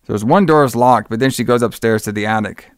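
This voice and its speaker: A man's voice: medium pitch, fast talker, no echo, clean studio sound. A man casually recapping a movie plot, rambling with many fillers and acting out the characters' lines in a raised voice. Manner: rambling, lots of fillers, acts out quotes in a raised voice. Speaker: podcast host recapping a movie. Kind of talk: casual chat.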